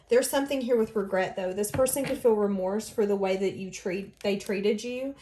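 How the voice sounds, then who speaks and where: A woman's voice: mid-range voice, fairly quick, a little mellow, reverberant, a little hiss or hum. Earnest woman giving a tarot reading. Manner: earnest, channels others' words in first person. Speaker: tarot reader. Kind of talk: emotional tarot reading monologue.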